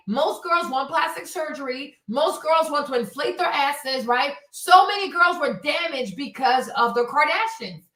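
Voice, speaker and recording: A woman with a high voice delivers a blunt, profane rant on her livestream, slipping in mocking asides. She sits a little away from the mic in an echoey room. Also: a bit bright, far from the mic. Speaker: streamer host.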